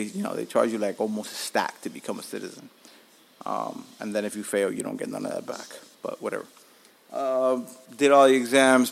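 A gravelly, fairly low male voice belongs to a podcast host telling stories from home. He's animated and relaxed, curses a lot, and pokes fun at himself.

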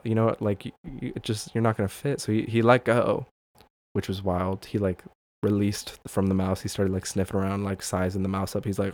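Rambling, low-voiced male podcaster. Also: little pitch movement, brisk, a little mellow. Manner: rambling, profane, laughs often, many fillers. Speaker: podcast host. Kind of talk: casual solo podcast chat.

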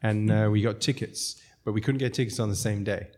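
A man's voice: on the low side, fairly even intonation, a little fast, darkish tone. A man from South Africa, a restaurateur guest, telling long rambling stories with frequent chuckles. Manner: rambling, chuckles often, self-interrupting. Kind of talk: casual storytelling.

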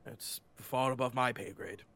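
A man's voice: medium pitch, fairly even intonation, unhurried, a bit bright, clear, resonant tone. A man voicing a loyal, formal male butler who answers in clipped, polite phrases. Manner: clipped and formal, says "quite".

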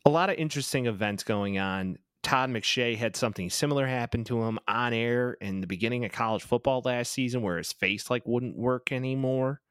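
A man co-hosting a casual sports podcast, talking in a crude, rambling way full of jokes. His voice sits at a middle pitch. The recording is close and dry. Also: a little fast, hardly any pauses, a bit bright, clean tone, no echo. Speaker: podcast co-host.

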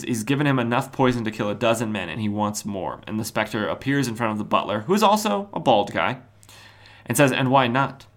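A podcast host casually retelling an old comic book story, with wry asides and quick mock voices for the characters. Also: male voice, lowish voice, bright, forceful tone.

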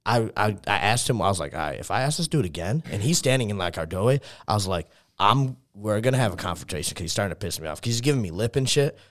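A young Texan man with a lowish, expressive voice tells a rambling story in casual chat. His fast anecdote is full of fillers and swearing.

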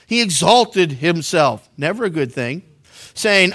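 A man's voice: fairly high pitch, sing-song, slow, a bit bright. A middle-aged male pastor teaching through a Bible book verse by verse, in a joking, conversational way with many stammered restarts.

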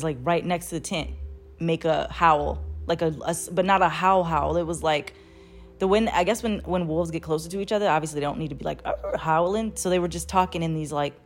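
Young woman, slightly low voice, animated casual storyteller who swears freely. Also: a little hiss or hum. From United States. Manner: animated, swearing, laughing through the telling.

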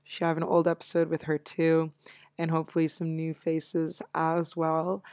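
A woman's voice: sits low, monotone, normal speed, noisy background. A young American woman hosting her own show, chatting casually and upbeat with frequent laughs. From United States. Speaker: podcast host. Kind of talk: casual solo chat.

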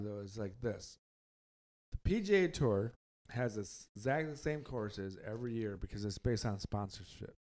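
A man's voice: mid-range voice, a little mellow. A man hosting a casual sports podcast, loose and rambling, often joking. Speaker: podcast host.

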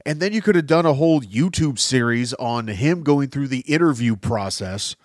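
A man's voice: mid-range voice, moderate pace, dry recording, studio quality. Rambling, profane male podcast host. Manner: rambling, profane, jumping between tangents; animated, voice jumping up for emphasis. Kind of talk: casual rambling monologue.

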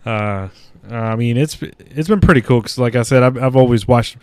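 A man's voice: medium pitch, moderate pace, a little mellow, smooth. A young man from Mexico hosting a podcast, chatting casually, swearing a lot and laughing often. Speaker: podcast host. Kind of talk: casual chat.

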